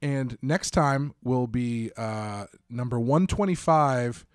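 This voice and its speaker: A man hosting a podcast in casual chat, talking in a relaxed, rambling way full of restarts and fillers. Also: mid-range voice, slow. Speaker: podcast host.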